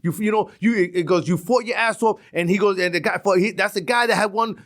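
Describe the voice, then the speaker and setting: A middle-aged man from Brooklyn with a New York accent, telling stories as a podcast guest, animated and full of restarts. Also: high voice, fast talker. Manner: animated, restarts a lot, acts out quotes. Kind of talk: casual storytelling interview.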